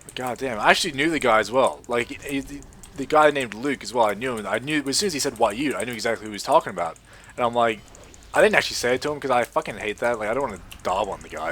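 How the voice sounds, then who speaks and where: A young man talking in a loose, rambling way, with frequent swearing. He tells an anecdote and then talks over his own gameplay in a casual voice of ordinary pitch. Keyboard clicks sit behind him. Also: quick pace, a little hiss or hum. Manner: swears a lot, rambling and animated. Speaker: gaming video creator.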